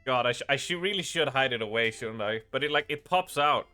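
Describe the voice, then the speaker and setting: Bright-voiced joking male streamer. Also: medium pitch, expressive, a little fast, soft background music. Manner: joking, rambling, often laughing at himself. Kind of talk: casual live-stream chat while gaming.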